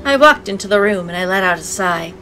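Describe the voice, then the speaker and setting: A woman's voice: medium pitch, animated, a little fast, fairly bright tone, faint music behind, low-quality recording. A woman narrating a visual novel aloud as a let's play, breaking in with sarcastic, playful asides. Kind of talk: reading game text aloud with commentary.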